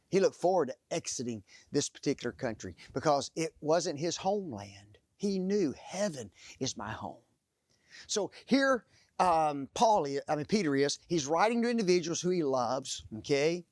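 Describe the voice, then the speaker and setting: A man preaching a sermon, telling stories and pausing to let the audience fill in the blanks. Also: on the high side, dry recording, clean studio sound. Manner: animated storytelling.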